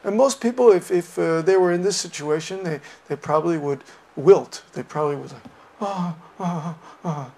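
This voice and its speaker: A man giving a Buddhist lecture, retelling a teaching story with lots of hesitant fillers and bursts of animated wonder. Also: on the high side, brisk, vocal fry. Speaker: dharma teacher.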